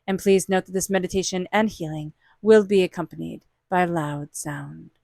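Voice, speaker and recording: A woman's voice: on the low side, moderate pace, creaky, a little mellow, dry recording, studio quality. A woman giving an earnest, encouraging tarot reading and acting out inner voices as she speaks. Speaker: tarot reader.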